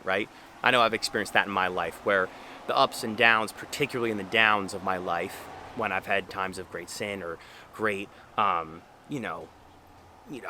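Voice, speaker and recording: A man's voice: lowish voice, sharp tone, a little hiss or hum. A young man speaking earnestly and conversationally about faith, with frequent fillers. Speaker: Catholic speaker. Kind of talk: casual faith talk to camera.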